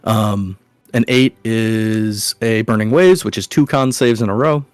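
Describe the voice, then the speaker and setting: A young man as dungeon master, calmly explaining game rules. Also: lowish voice, unhurried, clear, resonant tone, no echo, faint music behind.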